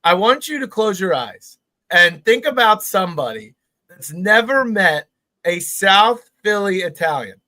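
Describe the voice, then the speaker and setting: A man co-hosting a podcast, chatting casually, energetic and full of questions. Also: high voice, unhurried. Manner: energetic, inquisitive. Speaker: podcast co-host. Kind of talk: casual chat.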